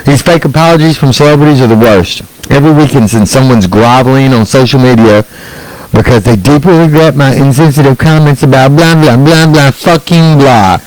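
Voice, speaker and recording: A man's voice: mid-range voice, a little fast, a little mellow, no room sound, poor audio. Man, thirties, angry sarcastic stand-up rant, dry close sound. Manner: angry, sarcastic and profane, with mocking put-on quotes. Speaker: stand-up comedian.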